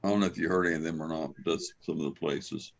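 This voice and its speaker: A man's voice: extremely low pitch, steady tone, racing, creaky, muffled recording, a little hiss or hum. A man chatting casually about fishing, laid-back as he lists places. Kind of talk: casual chat.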